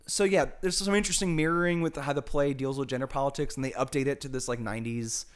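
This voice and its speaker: American guy chatting about a movie on a podcast, mid-pitched voice, lots of "like"s, thinking aloud. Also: fairly even intonation, fast talker. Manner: thoughtful, many "like" fillers. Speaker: podcast co-host. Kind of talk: casual film discussion.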